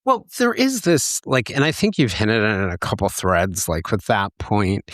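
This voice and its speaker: Male podcast host, lowish voice, reflective, explains stuff, dry sound. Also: huge pitch swings, normal speed, no room sound. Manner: thoughtful, explains concepts at length. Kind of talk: reflective interview talk.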